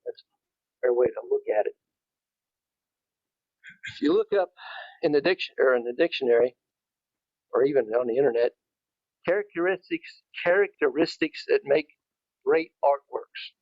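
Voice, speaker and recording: A man's voice: medium pitch, normal speed, long pauses, no echo, highs cut off. A man giving an informal talk to a club, speaking conversationally and restarting his phrases as he goes. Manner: conversational, repeats and restarts, rising emphasis.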